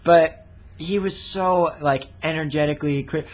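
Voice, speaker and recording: A man's voice: on the high side, steady tone, unhurried. A young man vlogging a story in a rambling, casual way with plenty of swearing and fillers.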